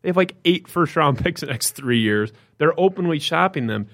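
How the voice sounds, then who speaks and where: A man co-hosting a sports podcast, telling a story in casual, animated talk that gets more indignant as it goes. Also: normal speed, gravelly. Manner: animated storytelling, rising pitch when indignant. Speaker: podcast co-host.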